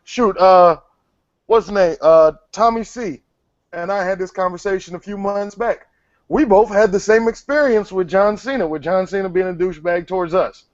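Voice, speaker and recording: A man's voice: high-pitched, moderate pace, no room sound. A man hosting his own interview show, blunt, teasing and profane with his guest. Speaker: show host. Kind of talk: casual interview chat. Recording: dry, muffled lo-fi audio.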